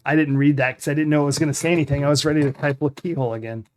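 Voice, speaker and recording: A young adult man with a rather high voice plays a retro adventure game, speaking in a rapid-fire stream of casual commentary. He mutters dryly to himself in a wry, deadpan way and reads the game's text aloud with mock drama.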